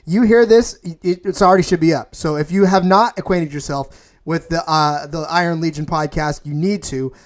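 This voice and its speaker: A man's voice: fairly high pitch, steady tone, normal speed. A man hosting a podcast interview, enthusiastic and full of praise, often restarting his sentences. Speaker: podcast host. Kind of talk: casual interview.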